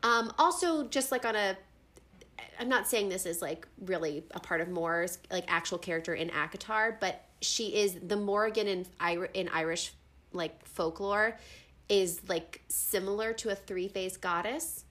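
A young woman co-hosts a relaxed book podcast, rambling through her points with lots of filler words. Her tone is bright and clear, and her pitch sits in an ordinary middle range. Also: normal speed. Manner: chatty, full of "like" fillers. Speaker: podcast co-host. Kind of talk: casual book chat.

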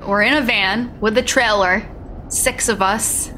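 A woman casually telling a story as a guest, animated and chiming in with laughs. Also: mid-range voice, a little slow, a little hiss or hum.

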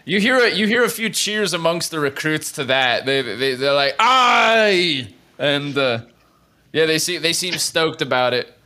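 A man's voice: on the high side, normal speed, hardly any pauses, sharp tone. A man running a tabletop game as game master, narrating in a laid-back way with many fillers.

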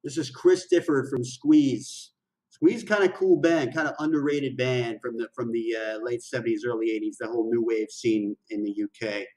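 A man hosting a music reaction video, chatting casually in excited slang and often repeating his phrases. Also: medium pitch, normal speed, far from the mic, poor audio. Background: the song playing faintly.

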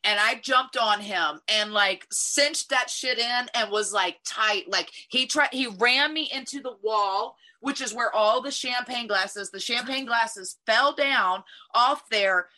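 Woman, casual chat, animated, profane, bright tone. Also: on the high side, slow pace, hardly any pauses. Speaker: storyteller in group chat.

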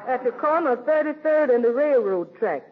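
An actor playing a deadpan, literal-minded dim-witted boy in a 1940s radio sitcom. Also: high-pitched, brisk. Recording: tinny old radio broadcast with hiss.

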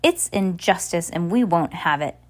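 A woman's voice: lowish voice, animated, normal speed, natural voice. A woman reading as a protesting anxious man.

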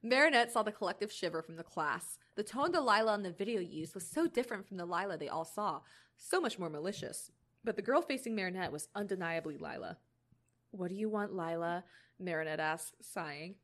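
A woman's voice: mid-range voice, animated, a little fast, fairly bright tone. A young woman casually reading a fan story aloud, chatty and giggly, sometimes tripping over words. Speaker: reader narrating a fan story. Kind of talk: casual read-aloud narration.

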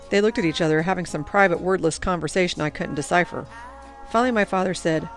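A woman narrating a first-person story in a reflective, even-paced manner. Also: lowish voice, fast, soft background music. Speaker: audiobook narrator.

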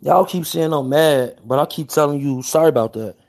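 His voice is a little high and darkish, and he talks briskly. He's a young Chicago livestream host with a Chicago accent, chatting casually with viewers in brash street slang and apologizing over and over.

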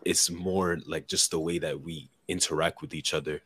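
A young man in his twenties calling in over a video call, talking in a relaxed, hesitant way with filler words. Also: low voice, normal speed, husky. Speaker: caller. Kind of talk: casual call-in chat.

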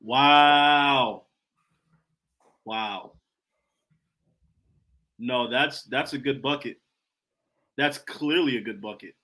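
A man's voice: mid-range voice, extremely slow, long pauses, bright, forceful tone. A man co-hosting a casual sports podcast, talking with enthusiasm and often repeating and restarting his words. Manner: enthusiastic, repeats himself, stumbles over words. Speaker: podcast co-host.

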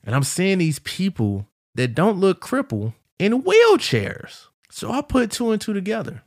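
A man hosting a podcast, telling a travel story in a casual, animated way, swearing freely and acting out what people said. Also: high voice, measured pace, no room sound, clean studio sound. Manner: profane, animated, quotes people in his story. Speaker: podcast host.

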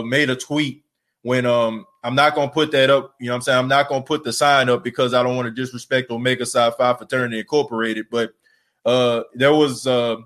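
In a medium pitch with a fairly bright tone, a male podcast host goes on a fired-up solo sports rant, leaning on casual slang and repeated rhetorical questions. He's tired, coming off an overnight shift.

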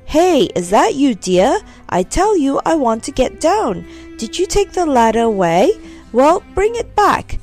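A woman's voice: sits high, very animated, measured pace, faint music behind, voice pushed up, exaggerated voice. A woman doing a bellowing angry man. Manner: loud, bellowing. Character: angry shouting man up a tree.

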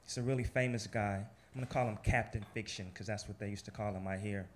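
A man telling a personal story in a lively, casual, profane way, laughing and acting out the lines of other people. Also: fairly low pitch, quick pace, a little hiss or hum.

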